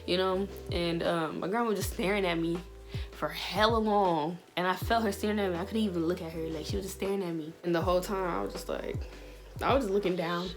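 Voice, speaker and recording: Chatty young woman, low voice. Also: steady tone, quick pace, music in the background. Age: young adult. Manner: chatty, slangy, many fillers. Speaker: vlogger. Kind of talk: casual storytelling vlog.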